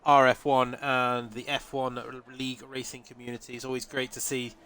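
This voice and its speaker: Stuffed-up man calling a sim race live, mid-pitched and nasal, chatting with viewers between calls. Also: level tone, normal speed, bright, forceful tone, smooth. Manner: chatty, answers live chat, laughs often. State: congested with a head cold. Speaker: race commentator. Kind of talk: live sim-racing commentary.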